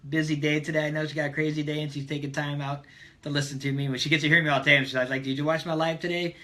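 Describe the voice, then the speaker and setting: A man's voice: a little high, little pitch movement, racing, bright, forceful tone. A man hosting a casual live stream, upbeat and greeting viewers by name as they join.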